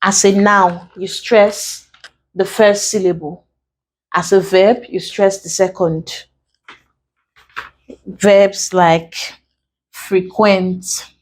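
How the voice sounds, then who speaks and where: Woman, Nigerian English accent, exam-prep tutor, unhurried, mid-pitched. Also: fairly even intonation, poor audio. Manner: slow, deliberate, repeats key points. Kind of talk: exam-prep lesson at a board.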